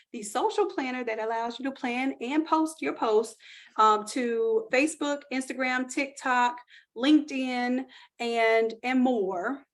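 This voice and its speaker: A woman hosting a live online class, chatting and pitching course offers to her viewers in an upbeat, casual way. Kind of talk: live-stream sales pitch.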